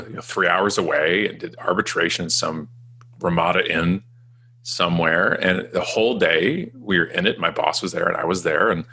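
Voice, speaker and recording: A man in his forties, a guest telling his career story in a self-mocking, animated way with frequent restarts. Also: deep voice, breathy edge. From Canada. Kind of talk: casual storytelling interview.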